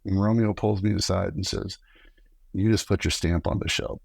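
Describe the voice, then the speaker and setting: Middle-aged guy with a low gravelly voice, storytelling, dry sound. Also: brisk, no room sound. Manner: animated storyteller acting out quoted dialogue. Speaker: podcast guest, former camera operator. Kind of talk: casual storytelling interview.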